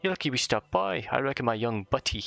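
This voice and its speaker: A man's voice: medium pitch, expressive, fast talker, vocal fry, bright, forceful tone, voice pushed up. A man voicing a cheeky little male fairy sidekick, chummy and full of slang.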